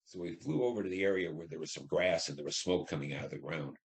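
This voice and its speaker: A man's voice: low-pitched, expressive, fast. A man in his seventies, a Vietnam War veteran, telling his wartime memories in an oral history interview and acting out the dialogue as he goes. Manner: plain storytelling, acts out dialogue.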